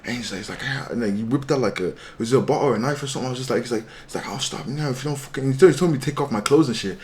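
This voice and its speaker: A man's voice: mid-range voice, rapid-fire, a little mellow. A young man from Ireland, telling a story casually as a podcast guest, full of fillers and restarts. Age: young adult. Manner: rambling, many fillers and restarts, acts out quoted voices. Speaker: guest musician.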